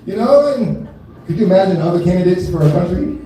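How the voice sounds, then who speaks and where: This male comedian in his thirties talks fast and animated during a live stand-up set, his high voice mellow as he swears casually, laughs a lot and keeps using filler tags. The mic is distant in an echoey room at the venue.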